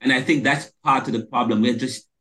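A man's voice: mid-range voice, fairly even intonation, brisk, sharp tone. Emphatic Caribbean man hosting a podcast. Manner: emphatic, restarts often, stresses single words. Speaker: podcast host. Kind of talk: casual interview conversation.

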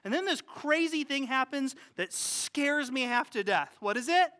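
A pastor preaching a sermon to a congregation, conversational and animated, jumping from loud outbursts to hushed asides and questions to the listeners. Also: high voice, moderate pace. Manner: asks the congregation questions and jokes about family life. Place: church, speaking to a congregation.

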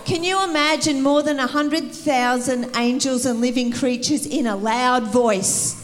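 A woman preaching an energetic sermon in a church, rallying the congregation and calling for responses. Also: high voice, unhurried, long reverb tail. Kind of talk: sermon to a church youth service. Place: church hall.

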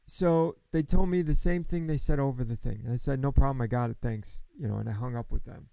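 Blunt, gravelly man venting candidly. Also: medium pitch, a little fast, dark tone, no echo, low-quality recording. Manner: blunt, heavy swearing, frank and worked up. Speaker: vlogger. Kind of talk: candid personal monologue.

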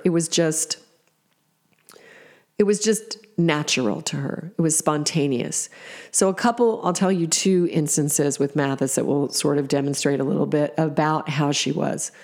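A woman's voice: low voice, a little mellow. A middle-aged woman telling personal stories in a reflective way, with fillers and restarts. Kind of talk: personal storytelling.

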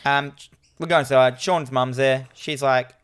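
A man's voice: medium pitch, fairly even intonation, measured pace, fairly bright tone, smooth. A young man co-hosting a casual film recap, rambling loosely with lots of fillers and restarts. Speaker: podcast co-host.

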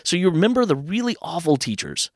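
A man in his thirties, a guest telling personal stories in a lively, casual way, acting out what others said. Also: fairly high pitch, no room sound, studio quality. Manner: animated, quotes others in quick asides. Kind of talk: casual storytelling.

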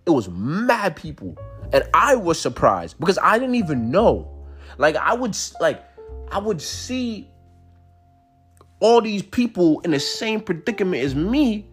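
A young man, telling a casual personal story in slangy, profane speech with big swings in pitch. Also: sing-song, measured pace, a bit bright, breathy edge, faint music behind.

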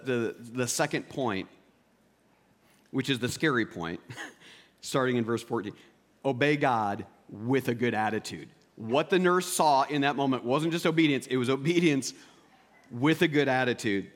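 A man preaching a sermon as pastor, swinging between loud emphatic peaks and quiet, intimate asides. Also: medium pitch.

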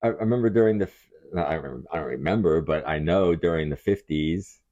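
A middle-aged man co-hosting a casual podcast, joking and swearing, often dropping into a mock-deep seductive voice. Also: fast, dark tone, muffled recording. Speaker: podcast co-host. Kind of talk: casual chat.

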